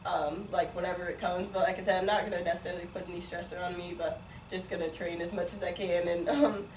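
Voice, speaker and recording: A woman's voice: on the low side, level tone, fast talker. A young woman in her twenties from the Midwest, a college sprinter answering interview questions in a chatty way, with many fillers and frequent laughs. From Chicago, raised partly in Las Vegas. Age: 20s. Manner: chatty, many likes and ums, laughs often. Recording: echoey room, mic at a distance, faint noise.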